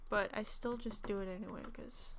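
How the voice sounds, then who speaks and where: A woman's voice: mid-range voice, fairly even intonation, brisk, gravelly, a bit bright, a little hiss or hum. A young woman streaming a game, chatting casually in a rambling, giggly way full of fillers, with what she calls an alto voice. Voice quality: self-described alto voice. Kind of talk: casual gaming stream chat.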